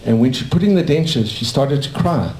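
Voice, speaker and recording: Older man from South Africa, dentist sharing memories, mellow voice, roomy cafe sound. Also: mid-range voice, expressive, fairly quick, a little hiss or hum. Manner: rambling, warm anecdotal storytelling with restarts. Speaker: dentist telling his life story. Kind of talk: casual storytelling to a small audience. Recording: echoey cafe room.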